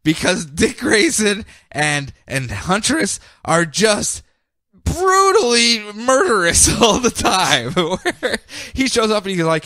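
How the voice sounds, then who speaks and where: A man's voice: sits high, very animated, slow, sharp tone, no room sound, clean studio sound. A man co-hosting a podcast, recapping comics casually and animatedly, laughing often and acting out quotes. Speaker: podcast co-host.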